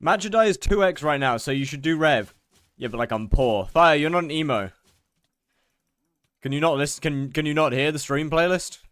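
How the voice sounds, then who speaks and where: A man's voice: fairly high pitch, normal speed, fairly bright tone, clear, resonant tone, dry recording, studio quality. A young British man chatting casually on a live stream while gaming, rambling and mocking himself as he reads out chat.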